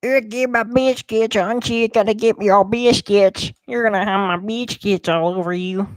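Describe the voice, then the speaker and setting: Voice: medium pitch, fairly even intonation, moderate pace, no echo, pitched above the performer's own voice, natural voice. A young gamer putting on a voice for a whiny old grandpa who groans and complains, recorded close on a microphone. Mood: nagging.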